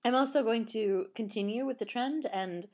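A woman's voice: a little high, normal speed, a little mellow. A woman in casual chat who reads a ballet synopsis aloud, often laughing and stumbling over unfamiliar names. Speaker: podcast co-host.

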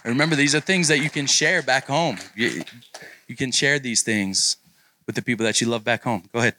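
A man's voice: medium pitch, a little fast, no room sound. A man preaching as a guest pastor at a youth retreat, then eagerly hyping up students as they share on a handheld mic. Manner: energetic, encouraging hype man. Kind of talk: sermon and leading audience sharing. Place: large meeting room with students. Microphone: handheld microphone.

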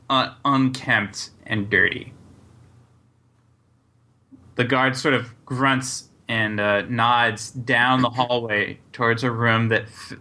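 A man narrating as game master in a tabletop game, halting and full of fillers. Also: medium pitch, bright, forceful tone. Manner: unhurried, halting, lots of fillers.

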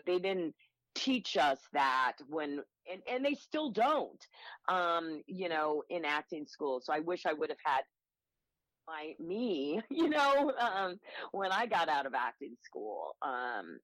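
Woman acting coach, lower voice, enthusiastic and rapid. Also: expressive, a bit bright, dry recording, rough recording. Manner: enthusiastic, upbeat, rapid anecdotes. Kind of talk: interview conversation.

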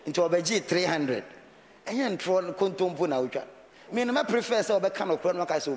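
High-voiced Ghanaian preacher in a reverberant hall. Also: male voice, lively intonation, moderate pace. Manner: conversational preaching, switching between Twi and English. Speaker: pastor. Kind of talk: sermon.

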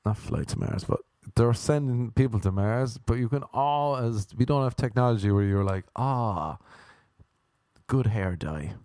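A man's voice: medium pitch, moderate pace, few pauses, warm tone, clean tone, no room sound, clean studio sound. A man with an Irish accent telling a rambling, profane comic story. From Ireland. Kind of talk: comic monologue.

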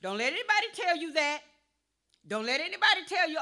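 A woman pastor preaching a sermon, calling for responses and rising to a shout. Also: high voice, big pitch swings, brisk.

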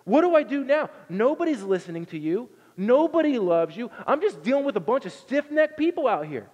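A man voicing an exasperated, stubborn male prophet who shouts and pleads in disbelief. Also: very high voice, sing-song, fairly quick, in a large hall, dull audio, pitched above the performer's own voice, full character voice. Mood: outraged.

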